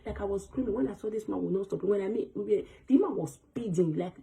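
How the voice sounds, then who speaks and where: A woman telling a personal story to camera in a storytime vlog, fast and breathless, acting out the voices of the people she quotes. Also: medium pitch, vocal fry, warm tone, low-quality recording. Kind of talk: storytime vlog, recounting an experience.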